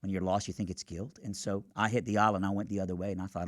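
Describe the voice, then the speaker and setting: A man with a lowish voice tells his story with animated, earnest energy on a radio show. He is recorded close and dry in a studio. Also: no echo. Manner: animated, earnest, quick asides. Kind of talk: storytelling testimony.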